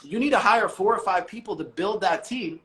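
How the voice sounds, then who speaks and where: A man talking as a podcast guest, blunt and animated, swearing casually. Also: high voice, moderate pace, roomy sound. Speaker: guest, business owner.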